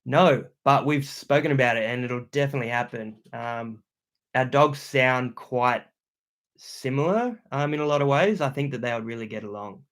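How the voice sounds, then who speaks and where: A young Australian man hosts his own livestream, talking loudly and casually in relaxed slang as he reads out comments. His mid-pitched voice carries a gravelly edge. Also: moderate pace. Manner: loud and chatty, slangy. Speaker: YouTuber hosting a livestream.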